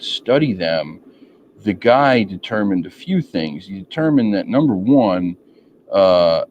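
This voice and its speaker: A man's voice: on the low side, a little mellow. A man hosting a casual interview, rambling with many ums and restarts. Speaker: podcast host. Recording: dull lo-fi audio with faint noise.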